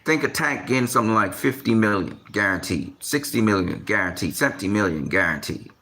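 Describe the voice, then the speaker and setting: A man's voice: animated, fairly quick. A man giving casual boxing commentary, repeating himself and piling on slang as he rants in disbelief. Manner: repetitive, exasperated rants with slang; gets louder and higher when worked up. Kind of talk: animated boxing talk.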